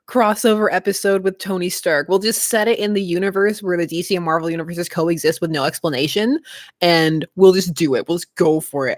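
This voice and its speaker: A woman's voice: fairly low pitch, no room sound, studio quality. A woman hosting a livestream, chatting casually and giggling often. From Canada. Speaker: livestream host.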